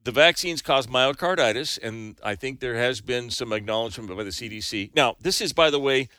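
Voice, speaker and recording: A man's voice: mid-range voice, expressive, a little fast, bright, forceful tone, clean tone, dry recording. A man co-hosting a casual talk show, chatty and joking, with many restarts as he tells stories and reads out news. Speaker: news segment host.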